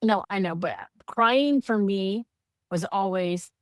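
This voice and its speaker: A woman co-hosting a podcast, talking candidly in casual heartfelt chat, animated when she quotes others. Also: medium pitch, slow, no echo, clean studio sound. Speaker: podcast co-host.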